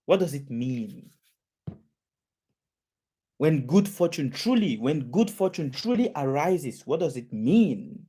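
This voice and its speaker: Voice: mid-range voice, expressive, slow, pauses often, mellow, husky. A preacher delivering a sermon, repeating phrases and asking the audience questions again and again.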